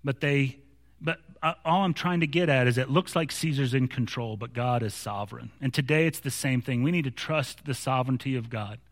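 A pastor delivers a sermon in a brisk, mid-range male voice that sounds like it fills a big room. He tells stories with growing animation and restarts his sentences many times.

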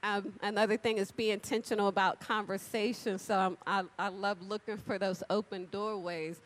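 A woman preaching an animated, chatty sermon, talking straight to the congregation and acting out little conversations. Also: mid-range voice, normal speed. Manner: animated, chatty, addresses crowd directly; acts out dialogue with big voice swings. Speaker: church speaker. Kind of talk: lively sermon with storytelling.

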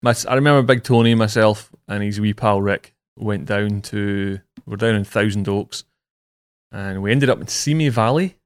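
A man's voice: lowish voice, normal speed, clean tone, no room sound, studio quality. A man hosting a casual podcast, chatting and telling stories with lots of fillers. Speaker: podcast host.

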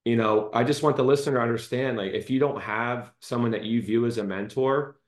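A man's voice: medium pitch, fairly even intonation, brisk. A man hosting a podcast interview, chatty and friendly, with lots of fillers. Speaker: podcast host. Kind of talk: casual interview chat. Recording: echoey room.

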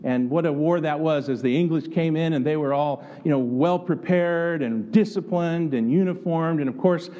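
Mellow-voiced American preacher man. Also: on the high side, normal speed, few pauses, lo-fi sound. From United States. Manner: earnest, conversational preaching with rhetorical questions. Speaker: pastor. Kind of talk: sermon.

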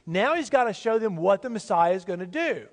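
A pastor preaching to his church in a relaxed, folksy, conversational way. His voice sits notably high for a man. The sound carries a long, ringing reverb from the church hall. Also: a little fast. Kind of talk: sermon. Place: church sanctuary.

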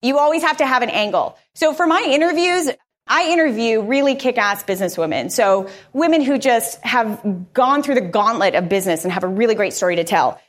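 A woman podcaster giving a live conference talk, energetic, candid and conversational. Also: on the high side, a little fast.

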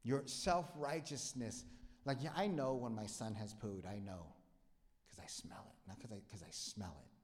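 A young man preaching a sermon with a playful, self-mocking manner, swinging from quiet asides to loud emphatic bursts. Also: lowish voice, normal speed. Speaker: pastor. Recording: echoey hall with long reverb.

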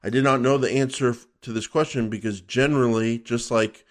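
Male podcast co-host, playful and rambling explainer, mid pitch. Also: fairly even intonation, a little fast. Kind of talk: casual podcast chat.

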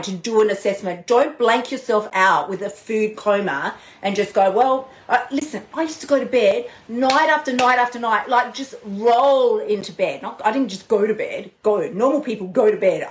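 A woman hosting a live motivational talk as a diet coach, animated and playful, swearing casually. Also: fairly high pitch, reverberant. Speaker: podcast host and diet coach.

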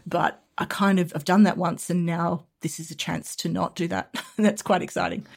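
A woman's voice: lowish voice, fairly even intonation, normal speed, creaky, slightly rough. A middle-aged Australian woman with an Australian accent, a podcast guest chatting casually, laughing often and restarting her sentences. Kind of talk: casual interview chat.

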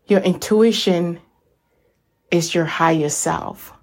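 Slow, gentle woman podcaster. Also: on the low side. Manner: slow, gentle and encouraging, addressing listeners as y'all. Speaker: podcast host. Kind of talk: reflective self-help talk.

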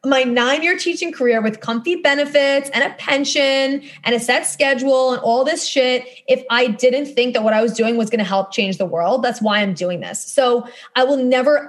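A woman's voice: a little high, normal speed, few pauses. A woman in her thirties hosting a casual podcast monologue, talking bluntly and emphatically, with casual swearing. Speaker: podcast host and course coach.

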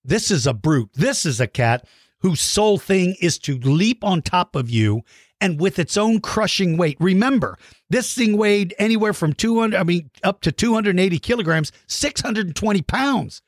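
A man explaining a science topic straight to viewers at home. His voice sits a bit high and swings widely in pitch as he poses questions and weighs guesses. The sound is close and dry, with no room echo. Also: normal speed. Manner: animated, speculative, asks rhetorical questions; addresses viewers directly. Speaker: science educator.

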